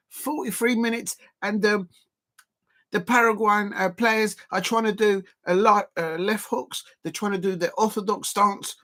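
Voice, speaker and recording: Rambling excitable man streaming football. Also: sits high, moderate pace. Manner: rambling and excitable, full of fillers and repeats. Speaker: livestream football watch-along host. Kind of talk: live football watch-along commentary.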